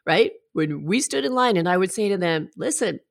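A woman's voice: fairly low pitch, expressive, a little fast, vocal fry. A middle-aged woman giving a heartfelt, reflective personal talk and telling stories with asides. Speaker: self-help speaker.

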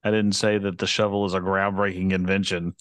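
A man co-hosting a casual podcast, trading dad jokes and teasing his friend, quick to laugh. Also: low-pitched, level tone, background noise. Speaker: podcast co-host.

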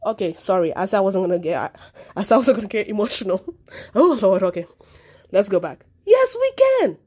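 A woman's voice: medium pitch, quick pace, mellow. A woman from Africa hosting a solo commentary podcast, talking with passion and repeating words for emphasis. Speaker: podcast host.

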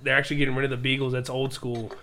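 A man's voice: medium pitch, level tone, racing, over a noisy crowd. A man co-hosting a podcast, rambling and joking with plenty of swearing. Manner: rambling, profane joker. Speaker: podcast co-host. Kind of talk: casual chat.

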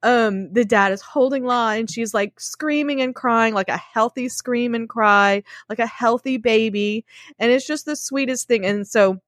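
A woman's voice: on the high side, measured pace, a bit bright, no room sound, studio quality. A woman in casual chat, retelling a show's plot with emotion and addressing listeners as "y'all". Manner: emotional storytelling, says "y'all", tears up. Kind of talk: casual chat recapping a show.

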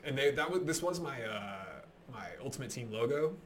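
A young man co-hosting a casual football podcast, chatty and animated, telling stories and laughing often. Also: mid-range voice, a little fast. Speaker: podcast co-host. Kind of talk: casual sports chat.

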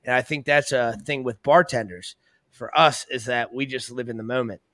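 A man's voice: mid-range voice, fairly even intonation, moderate pace, a bit bright, dry recording. A man in his thirties, a bartender guest on a podcast, talking in a blunt, laid-back and casual way with some swearing. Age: 30s. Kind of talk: casual chat.

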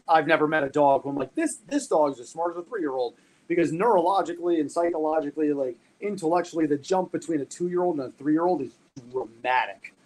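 A man on a casual podcast chat, explaining dog training in an animated, profane way with everyday comparisons. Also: on the high side, poor audio.

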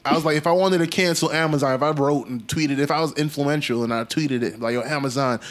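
A young man from Brooklyn, telling stories in a slangy, animated casual chat. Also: fairly high pitch, quick pace. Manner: animated storyteller, slangy, acts out quotes.

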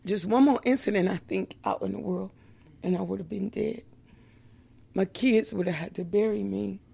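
A woman giving a slow, emotional personal faith testimony, with many pauses and fillers and frequent laughter. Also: medium pitch, creaky, dark tone, husky.

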